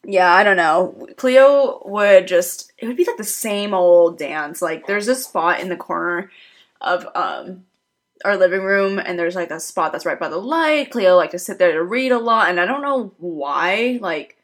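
A woman's voice: on the low side, animated, measured pace. A young woman in casual chat with her sister, talking loosely with lots of fillers and a sheepish tone.

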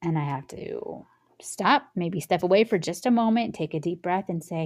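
She's a young woman running a parenting show, talking at a moderate pace in a lowish, darkish voice. Her solo talk is casual and chatty, full of little scenes acted out with shifting voices.

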